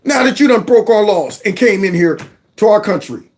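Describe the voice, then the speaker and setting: A man's voice: high voice, expressive, moderate pace. Indignant man riffing on news clips. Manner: indignant, rhetorical questions, folksy asides. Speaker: commentary channel host. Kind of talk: political commentary over news clips.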